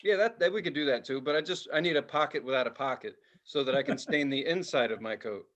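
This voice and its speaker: A man's voice: medium pitch, fast talker, dull audio. A man in his forties telling stories in a casual podcast chat, swearing freely and laughing often. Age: 40s. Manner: profane, animated storyteller, laughs often. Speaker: podcast co-host.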